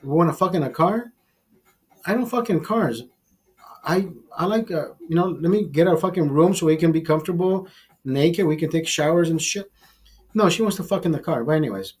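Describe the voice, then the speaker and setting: A man's voice: fairly high pitch, brisk, a little mellow, slightly rough. A man hosting a livestream, telling a crude, bitter story with heavy swearing. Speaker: livestream host. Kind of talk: profane storytelling rant.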